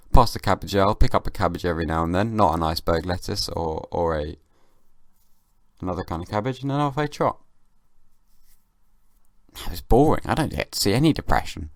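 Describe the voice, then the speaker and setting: A young man hosting a casual solo podcast, sleepy and just woken, musing in a rambling, deadpan comic way. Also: deep voice, gravelly, no echo, clean studio sound. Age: young adult. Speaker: podcast host. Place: at home, downstairs.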